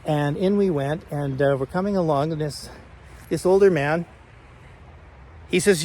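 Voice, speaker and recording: An older man vlogging casually, retelling a personal story in a chatty, animated way. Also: a little high, measured pace, long pauses.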